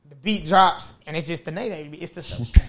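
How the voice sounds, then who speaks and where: A man telling a story in casual chat, animated and slangy, often laughing as he goes. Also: on the high side, moderate pace, background noise.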